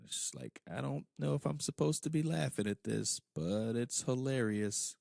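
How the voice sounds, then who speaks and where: A man co-hosting a podcast, chatting casually and profanely, often trailing off quieter at the ends of phrases. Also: mid-range voice, animated, moderate pace, creaky, dry recording, studio quality. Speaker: podcast co-host. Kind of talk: casual chat.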